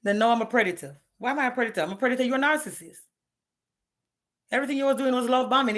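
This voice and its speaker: A woman's voice: on the high side, very animated, rapid-fire, fairly bright tone. A woman, ranting bluntly and profanely on a live stream, challenging her viewers. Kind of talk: candid live-stream rant.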